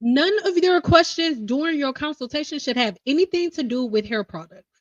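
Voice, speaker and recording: A blunt, teasing woman hosts a casual livestream rant, her voice sitting high. The audio is slightly dull and dry. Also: expressive, moderate pace, no echo. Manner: blunt, teasing, laughs often. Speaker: hairstylist livestream host. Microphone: livestream mic.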